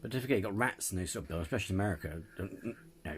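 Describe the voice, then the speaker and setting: A man's voice: sits low, lively intonation, very fast, a little hiss or hum. A man giving rambling, blunt commentary as host of a reaction video. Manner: rambling, blunt, swears freely. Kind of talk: casual commentary.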